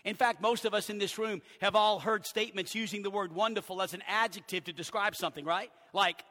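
Male pastor, high tenor, sermon delivery, dips soft then swells; reverberant sanctuary. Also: fairly even intonation, normal speed. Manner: earnest preaching, swings from loud emphasis to hushed low phrases. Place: church sanctuary. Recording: long church hall reverb.

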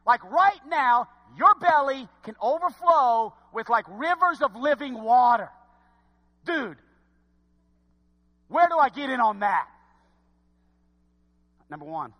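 Preacher guy in a big echoey church, really high bright voice, goes from whispering to yelling, talks right at the folks. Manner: dramatic swings from hushed to shouting; folksy, talks straight to the congregation. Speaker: pastor. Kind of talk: sermon. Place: church sanctuary. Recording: long hall reverb.

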